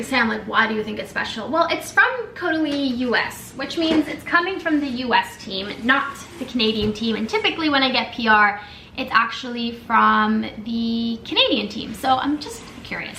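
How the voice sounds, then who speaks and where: A young woman talks through an unboxing in a bright, slightly high voice, gushing and filler-laden, close to tears. The room around her rings with echo, and a faint ambient hum sits underneath. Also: normal speed, creaky. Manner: gushing, emotional, chatty with many fillers. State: tearful. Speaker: lifestyle vlogger. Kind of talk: casual unboxing chat.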